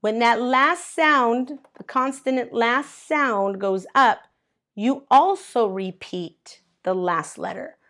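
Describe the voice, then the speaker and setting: Female ESL teacher, slightly high voice, unhurried and smooth; patient board lesson. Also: a bit bright. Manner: slow, patient, spells out letters and claps syllables. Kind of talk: classroom grammar lesson. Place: at a board, writing in colors.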